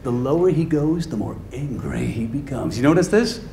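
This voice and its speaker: Animated male stand-up comedian, echoey room. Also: mid-range voice, moderate pace. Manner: animated, chatty, laughs at his own jokes. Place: comedy stage before a live audience. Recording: echoey room, audience laughter, noise.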